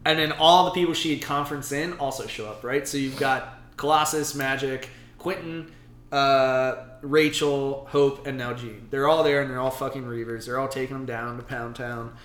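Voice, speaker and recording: A man co-hosting a casual podcast, animatedly retelling a comic issue with quick quoted voices and casual swearing. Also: medium pitch, steady tone, fairly bright tone, echoey room. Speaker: podcast co-host. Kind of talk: casual comic book chat.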